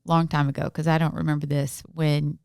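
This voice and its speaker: Lively woman co-hosting a podcast. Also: low voice, fairly quick, creaky, clean tone, no echo, studio quality. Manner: laughs often, animated joke telling. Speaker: podcast co-host. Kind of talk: casual chat, telling jokes.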